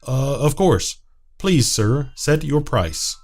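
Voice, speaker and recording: A man voicing a gentle, polite young woman guest in a visual novel who speaks formally and softly. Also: mid-range voice, big pitch swings, takes it slowly, pitched above the performer's own voice, exaggerated voice. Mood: polite, shy. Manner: formal, soft, affectionate.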